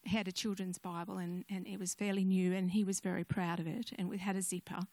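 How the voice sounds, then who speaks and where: An older woman giving a personal testimony sermon, telling stories gently with conversational asides. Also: fairly low pitch, little pitch movement, quick pace, dry recording. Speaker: speaker sharing a devotional message.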